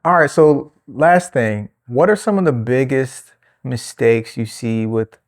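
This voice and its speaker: A man hosting a casual interview, talking in a relaxed, slangy way. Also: mid-range voice, measured pace. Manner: relaxed, slangy, many "you know" fillers. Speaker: host.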